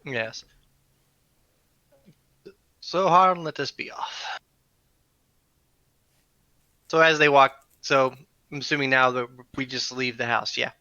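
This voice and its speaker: A man's voice: mid-range voice, fairly even intonation, measured pace, long pauses, pushed and bright, dry recording, muffled recording. A man chatting casually as a tabletop game player, a bit hesitant, narrating what his character does.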